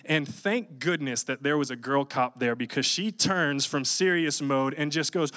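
A young man preaching, telling a funny personal story in an animated, jokey way. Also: a little high, moderate pace, few pauses. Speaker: pastor. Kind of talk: storytelling sermon.

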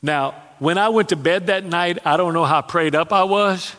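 High-voiced preacher. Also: male voice, fairly bright tone. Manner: storytelling, dramatic pauses, chuckling asides. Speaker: pastor. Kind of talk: sermon. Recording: long hall reverb.

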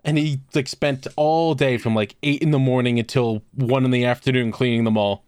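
A man's voice: medium pitch, fairly even intonation, normal speed, a little mellow, smooth, dry recording, clean studio sound. A man co-hosting a podcast, telling crude prank stories in a casual, laughing way. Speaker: podcast co-host. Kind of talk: casual storytelling.

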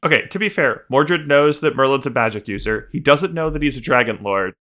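A man's voice: mid-range voice, lively intonation, brisk, sharp tone. A man co-hosting a podcast in casual chat, rambling and swearing with many restarts. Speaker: podcast co-host.

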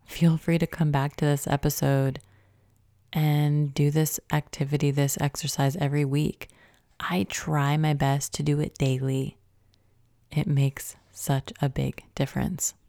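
A young woman hosts a reflective self-help podcast, her voice low and mellow with a gravelly edge. She speaks conversationally, poses question after question, and sometimes drops to a near whisper. The recording is dry and close. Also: little pitch movement, measured pace, dry recording. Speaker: podcast host.

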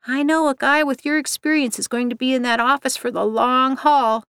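Woman doing falsely polite maintenance worker, syrupy, fairly high, dry close sound. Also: fairly even intonation, normal speed, fairly bright tone, clear, resonant tone, no room sound.

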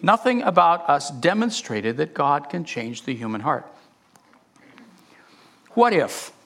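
Impassioned male preacher with a lively high voice. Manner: impassioned, with repetitions and restarts. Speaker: pastor. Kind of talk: sermon.

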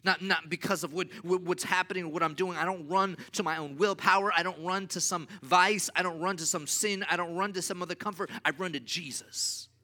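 A man preaching a sermon as pastor, with emphatic repeated refrains and swings from loud to quiet. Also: high voice, steady tone, fairly quick, hardly any pauses.

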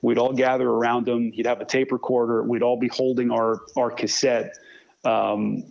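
Man, forties, gravelly, sportscaster guest, lively anecdotes, slightly lo-fi sound. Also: mid-range voice, moderate pace. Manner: animated storyteller who imitates his old mentor. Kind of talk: conversational interview storytelling.

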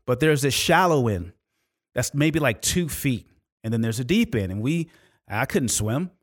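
A man from California speaks with emphatic, motivational energy, leaning into repeated phrases and dramatic pauses. His voice sits at an ordinary middle pitch as he tells a personal story. It is a podcast host's intense, preachy delivery. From California, USA. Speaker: podcast host.

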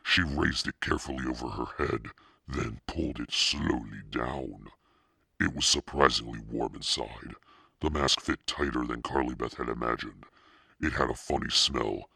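A demonic Satan narrator reads a spooky storybook in a bottomless, gravelly rumble. He drags out every word slowly and menacingly, his breathy rasp sitting close in a completely dry studio. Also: bright, forceful tone, no room sound, exaggerated voice. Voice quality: extremely deep, gravelly and husky. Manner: slow, menacing storytelling drawl. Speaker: podcast narrator. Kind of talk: scripted narration.

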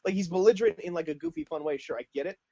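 A man co-hosting a podcast, talking in an animated, casual way with lots of "like". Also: high voice, rapid-fire, gravelly, husky, muffled recording. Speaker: podcast co-host.

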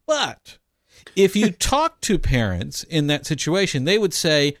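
A man's voice: a little high, very animated, measured pace, fairly bright tone, dry recording, studio quality. A man co-hosting a casual advice talk, acting out both sides of parent and child conversations. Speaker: co-host giving family advice.

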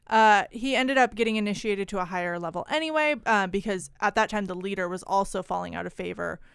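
A woman co-hosting a podcast, telling a story in a loose, wry, chatty way. Her voice is very clear and crisp, and it sounds close and dry. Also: mid-range voice, quick pace, dry recording. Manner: wry, chatty, many fillers. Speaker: podcast co-host. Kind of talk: casual storytelling chat.

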